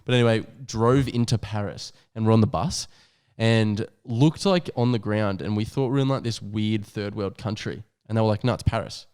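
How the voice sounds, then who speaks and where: Man, young adult, casual podcast co-host, rambling, sweary, slightly low voice. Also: moderate pace, hardly any pauses, a little mellow, clean tone. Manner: rambling storyteller, heavy "like" and swearing. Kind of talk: casual chat.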